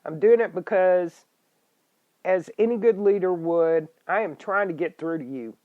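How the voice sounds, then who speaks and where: A middle-aged woman, hosting a political podcast in an angry, scolding rant with sudden loud outbursts. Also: lowish voice, measured pace. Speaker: podcast host. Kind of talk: ranting political podcast monologue. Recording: dull lo-fi internet radio stream.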